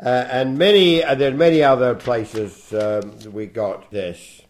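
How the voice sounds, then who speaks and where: A man leading a Bible study, reading scripture aloud slowly and then explaining it in a plain, conversational way with fillers and restarts. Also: mid-range voice. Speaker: Bible teacher.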